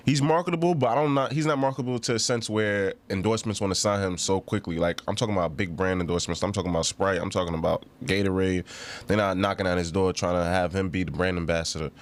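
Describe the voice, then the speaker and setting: A man's voice: low-pitched, steady tone, fast talker. A man with a New York accent co-hosting a podcast, talking in a laid-back, slangy way and laughing often. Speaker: podcast co-host. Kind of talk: casual podcast banter.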